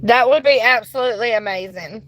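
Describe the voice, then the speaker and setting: A woman livestreaming a ghost investigation from her car on a phone, politely addressing spirits and bursting into excitement. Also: on the high side, fairly quick, rough recording. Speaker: paranormal livestreamer. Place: inside a car.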